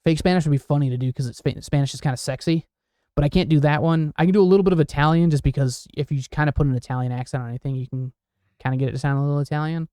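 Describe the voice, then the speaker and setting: Joking man with a dark voice. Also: fairly high pitch, steady tone, clean tone, no room sound, studio quality. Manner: joking, laughs often, fast banter. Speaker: podcast co-host. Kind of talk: casual chat.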